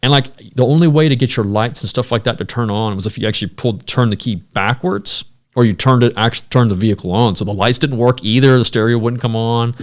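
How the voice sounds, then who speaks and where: A man's voice: medium pitch, quick pace, hardly any pauses. A man hosting a podcast, telling a story in casual chat and acting out the quotes. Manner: animated storyteller, acts out quotes loudly. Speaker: podcast host.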